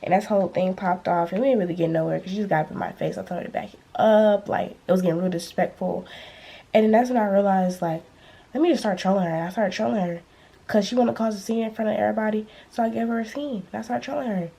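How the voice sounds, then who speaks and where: Young woman vlogger, mellow husky voice, lively slangy storytelling. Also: mid-range voice, fast talker. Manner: animated, slangy storytelling, acting out quotes. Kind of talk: storytime vlog.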